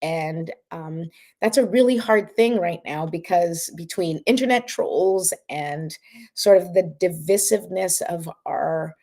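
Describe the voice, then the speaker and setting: A woman's voice: on the low side, a little slow, darkish tone. Middle-aged woman, life coach, casual livestream talk, chatty with lots of asides. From Canada. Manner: chatty, many asides, says "right?" and "like" often.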